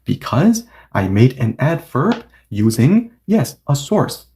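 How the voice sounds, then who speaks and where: Man, language teacher, patient, checks understanding, lively intonation, warm tone. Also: mid-range voice, slow pace. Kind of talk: online grammar lesson.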